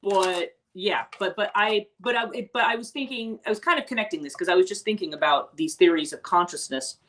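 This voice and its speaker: A woman's voice: mid-range voice, fairly quick, a bit bright. A woman hosting a casual morning livestream, chatting with viewers and rambling with many restarts and asides. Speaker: host; teacher and life coach.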